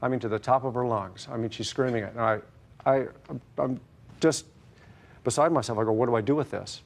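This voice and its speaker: A middle-aged man telling his story in court, halting and full of fillers. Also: mid-range voice, vocal fry. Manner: hesitant, halting, many fillers. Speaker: plaintiff. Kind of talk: testimony in court.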